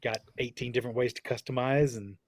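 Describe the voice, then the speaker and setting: A man on a gaming podcast asks curious questions and drops wry remarks in a mid-pitched voice. He is recorded close and dry. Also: steady tone, fast talker, dry recording. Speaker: podcast co-host. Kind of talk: casual chat.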